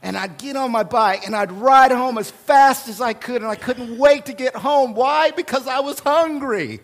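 Male preacher, middle-aged, light high voice, dynamic sermon delivery from hushed to booming. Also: moderate pace. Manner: dynamic preacher, swings from hushed prayer to loud storytelling. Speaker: pastor.

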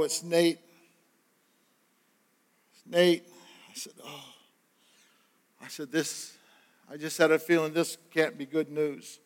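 An older male pastor with a high, fairly bright voice preaches a sermon, telling stories in a conversational, earnest way. He speaks in a church sanctuary, and the hall adds long reverb.

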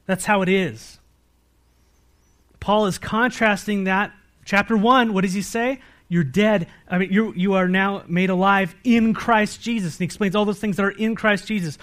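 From the pulpit, an American pastor with a voice a bit higher than most men's keeps questioning his congregation and answering himself. His delivery rises to loud, emphatic peaks and falls into quiet, low-voiced stretches.

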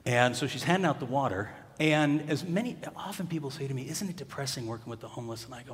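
A man preaching a sermon in a church, conversational and joking, rising to loud emphatic bursts. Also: mid-range voice, fast, hardly any pauses, long reverb tail. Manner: humorous, conversational, builds to loud emphatic peaks. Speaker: pastor. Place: church sanctuary.

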